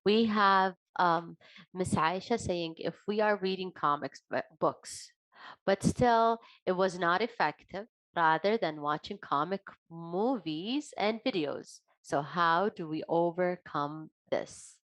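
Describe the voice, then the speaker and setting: A woman's voice: lowish voice, takes it slowly, fairly bright tone, no echo, low-quality recording. Dry-sounding woman moderator reading questions. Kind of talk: reading audience questions aloud.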